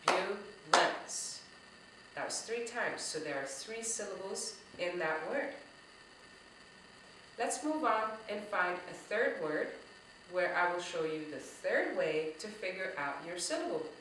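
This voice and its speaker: A woman's voice: on the low side, animated, fairly bright tone, a little hiss or hum. Patient woman teaching in an echoey room. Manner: slow, patient, clearly articulated. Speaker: music teaching artist. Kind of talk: children's lesson. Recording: echoey room, voice a bit far from the mic.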